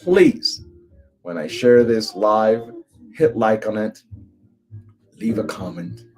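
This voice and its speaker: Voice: medium pitch, slow pace, a little mellow, faint music behind. A spiritual coach from Cuba giving a live tarot reading, emphatic and chanting repeated phrases.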